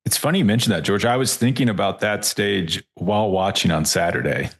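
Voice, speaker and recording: A male podcast host with a fairly low voice. He talks briskly and conversationally as he leads the discussion with his guests. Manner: brisk and conversational, leading the talk. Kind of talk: ad read and casual discussion.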